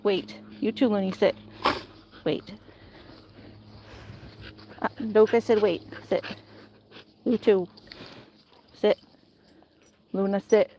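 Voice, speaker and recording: A woman's voice: medium pitch, steady tone, slow pace, pauses often, warm tone, a little hiss or hum. A woman vlogging outdoors near woods, playfully giving commands to dogs. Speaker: vlogger, dogsitter. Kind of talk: casual vlog talk to dogs.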